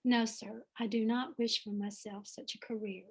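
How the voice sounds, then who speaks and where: A woman's voice: on the high side, fairly even intonation, normal speed, husky. A woman voicing a polite, hesitant young Southern woman who is an acting student.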